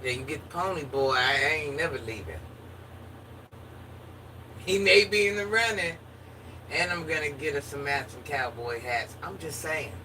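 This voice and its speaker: A woman's voice: low voice, normal speed, long pauses, bright, forceful tone. A woman chatting casually with her viewers in a playful, joking manner. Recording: distant mic with faint background noise.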